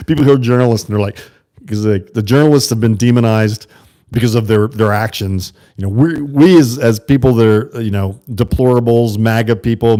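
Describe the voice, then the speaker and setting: A man's voice: on the low side, mellow. An American man hosting a livestream, rambling in a casual monologue to his viewers and reading their chat aloud. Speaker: livestream host.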